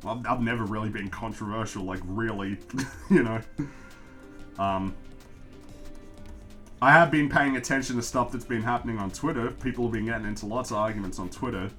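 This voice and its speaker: A man's voice: on the low side, normal speed, long pauses, a bit bright, soft background music. A man with an Australian accent chatting casually on a livestream while he draws and answers questions from chat. He rambles, pokes fun at himself and laughs often.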